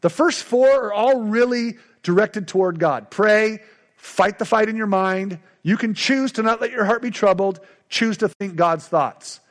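High-voiced emphatic male preacher. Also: a little slow. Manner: emphatic, repetitive call-and-response preaching. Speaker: pastor. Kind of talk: sermon.

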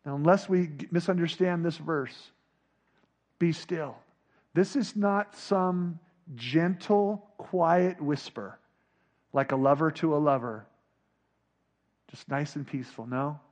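A man preaching a sermon, dropping to a hush and then rising to near shouts as he acts out scripture. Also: a little high, unhurried. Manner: dramatic, swinging from hushed to shouting. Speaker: pastor.

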